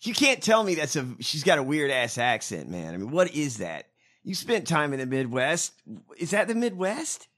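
Guy ranting in disbelief, swears a lot, bright voice, lively pitch jumps. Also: normal speed. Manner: incredulous, profane ranting. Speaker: podcast host. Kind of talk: casual profane commentary.

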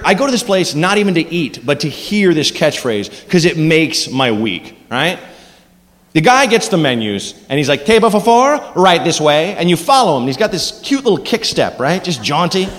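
A man performing a stand-up comedy set on a club stage, animated and crude, acting out voices. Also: on the high side, normal speed. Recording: reverberant noisy club recording.

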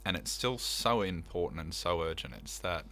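A man's voice: deep voice, lively intonation, normal speed, sharp tone. A man talking about his theatre production in a casual interview, earnest and enthusiastic, with many fillers. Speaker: theatre director, guest.

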